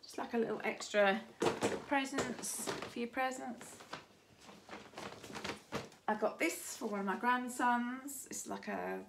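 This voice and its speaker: A woman's voice: fairly high pitch, takes it slowly, creaky, pauses often, noisy background. A woman in her fifties with grandchildren, chatting casually and rambling through a shopping haul with many restarts. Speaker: vlogger showing a shopping haul.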